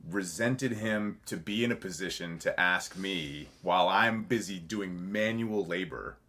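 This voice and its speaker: Deep-voiced man, rambling and candid. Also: measured pace, sharp tone. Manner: rambling, self-correcting, swears freely and laughs while telling stories. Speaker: podcast guest, actor. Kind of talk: candid conversational interview.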